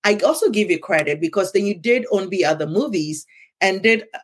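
A woman's voice: medium pitch, lively intonation, fairly quick, husky. A woman co-hosting a podcast in casual conversation, affirming and praising her partner, with many fillers. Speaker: podcast co-host.

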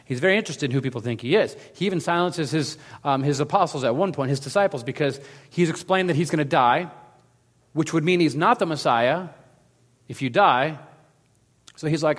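A male pastor gives a relaxed, conversational sermon and slips into little acted quotes as he tells the story. His voice sits fairly high for a man. A long reverb trails behind him, as in a big hall. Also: brisk.

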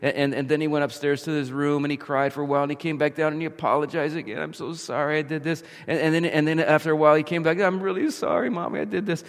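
A man's voice: on the high side, flat delivery, fast talker, hardly any pauses, clear, resonant tone. A man preaching an earnest sermon, paraphrasing scripture as heartfelt prayer and telling everyday stories. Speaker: pastor. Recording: long hall reverb.

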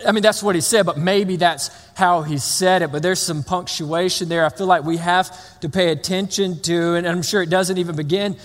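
A man's voice: high voice, steady tone, normal speed, hardly any pauses. A man preaching a sermon in a loose, conversational way, full of restarts and playful asides. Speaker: pastor. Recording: long reverb of a large hall.

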